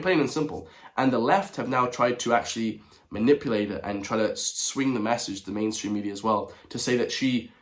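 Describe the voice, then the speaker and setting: A young Irish man giving casual commentary to his viewers, chatty and quick to chuckle, calling them lads and guys. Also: mid-range voice. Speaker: online commentator.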